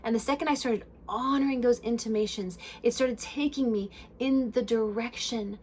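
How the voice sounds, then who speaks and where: A woman's voice: fairly high pitch, normal speed, hardly any pauses, a little hiss or hum. Emphatic, hard-swearing woman hosting a podcast. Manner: emphatic and profane, swinging between loud and hushed. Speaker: podcast host. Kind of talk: spiritual self-help monologue.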